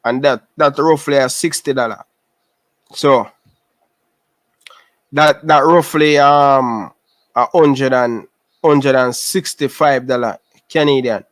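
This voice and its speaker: A man's voice: mid-range voice, fairly even intonation, takes it slowly, long pauses, dry recording. A man with a Jamaican accent, chatting casually with viewers on a livestream, repeating himself and calling out viewers by name. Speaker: livestream host. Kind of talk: casual live chat. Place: living in Canada.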